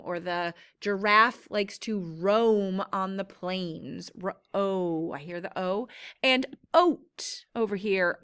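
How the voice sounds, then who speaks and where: A woman's voice: medium pitch, a bit bright, clear, resonant tone. A woman teaching a phonics lesson, speaking patiently and sounding out each word. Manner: slow, patient, sounds words out.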